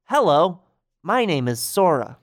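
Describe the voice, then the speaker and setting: A man voicing a cheerful, friendly teenage boy hero in a bright, upbeat way. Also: fairly high pitch, sing-song, a little slow, voice pushed up. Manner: bright, upbeat, gentle with a child.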